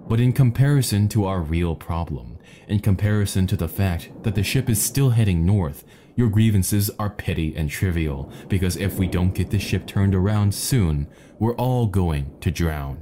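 A man's voice: deep voice, mellow, a little hiss or hum. A man voicing an earnest young cabin boy who insistently urges the crew to act. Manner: urgent, insistent.

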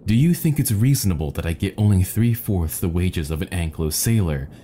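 Protesting sailor in a spoken fable, read by a man, low, dark voice. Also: animated, fairly quick, a little hiss or hum. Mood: indignant. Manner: indignant, protesting. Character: offended male sailor demanding fair pay.

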